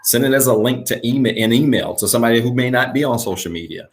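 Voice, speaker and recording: A male pastor speaking to his online congregation, repeating calls to action and reading a declaration slowly, pausing for listeners to repeat. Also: medium pitch, lively intonation. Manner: slow, measured reading with pauses for repetition. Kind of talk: church broadcast address and declaration.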